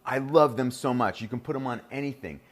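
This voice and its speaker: A man's voice: medium pitch, brisk. A middle-aged man with a New Jersey accent, hosting a live cooking demonstration in a kitchen and chatting enthusiastically to viewers. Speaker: chef and host.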